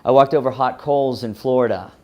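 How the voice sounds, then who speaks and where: A man's voice: medium pitch, a little fast, dull audio, background noise. A man from Louisiana with a Southern twang, giving a personal story talk, earnest and often restarting himself. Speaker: speaker.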